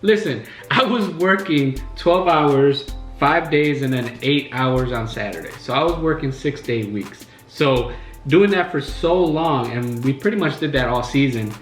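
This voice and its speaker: A man hosts a casual chat in his living room while eating, his medium-pitched voice a little slow. He tells rambling, filler-laden stories in an echoey room with faint music playing.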